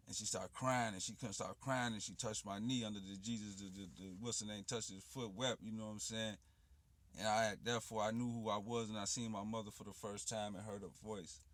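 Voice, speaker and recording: A man's voice: lowish voice, fairly even intonation, fairly quick, fairly bright tone, no room sound. A man telling a personal story in loose, rambling street slang with frequent asides. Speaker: poet and channel host.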